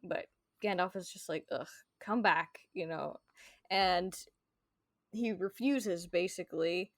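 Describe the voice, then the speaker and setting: A woman's voice: lowish voice, takes it slowly, no echo, studio quality. A woman hosting a podcast, chatting casually about a book and reading passages aloud, with many filler words. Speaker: podcast host.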